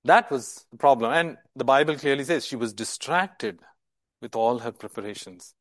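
A man's voice: medium pitch, moderate pace, no room sound. A male preacher giving a sermon in an emphatic way, often repeating words and asking rhetorical questions.

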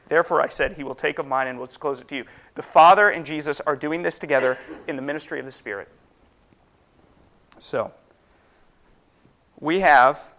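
A man's voice: mid-range voice, fairly bright tone. A man teaching a Sunday school Bible class, explaining step by step and asking and answering his own questions.

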